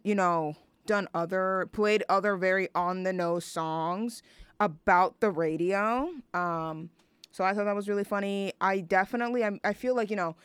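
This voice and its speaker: A woman's voice: mid-range voice, smooth, no room sound. A young woman hosting a radio show, chatting casually and rambling with fillers and self-mocking asides. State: out of breath from dancing.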